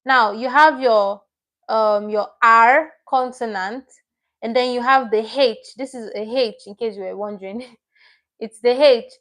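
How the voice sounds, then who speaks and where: This Korean teacher's voice is a little high, a bit bright, and unhurried. On her livestream she explains things patiently step by step, repeating each vocabulary word.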